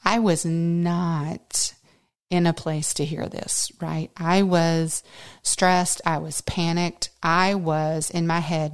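A woman's voice: lowish voice, slow, smooth. A woman in her fifties, a podcast host telling a personal story in an earnest, faith-centered way, acting out the things people said. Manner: lively storyteller who acts out quoted speech.

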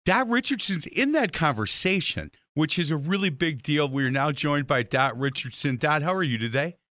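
A talkative man hosting an interview, rambling through stories with lots of restarts and asides. His voice is bright and forceful. The sound is dry, with no room in it. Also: fairly high pitch, lively intonation, normal speed, no echo. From Irish heritage. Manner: chatty, storytelling, many restarts. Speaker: show host. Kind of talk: casual interview chat.

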